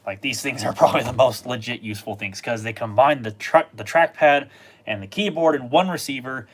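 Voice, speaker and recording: A man hosting a casual livestream about computer gear, talking in a rambling, relaxed way with lots of filler words. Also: medium pitch, brisk. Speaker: livestream host.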